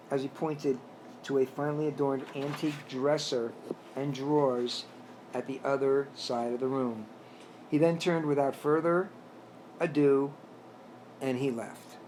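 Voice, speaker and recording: A man narrating his own storybook tale in a plain, slightly halting reading voice. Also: a little high, darkish tone, slight background noise, poor audio. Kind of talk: reading a self-written story aloud.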